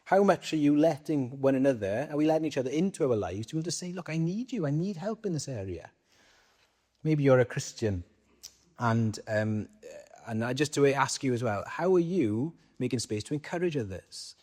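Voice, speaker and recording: A man's voice: medium pitch, expressive, fairly quick, dark tone. A man with a Welsh accent preaching a sermon in a conversational way, putting questions to the congregation and answering them himself.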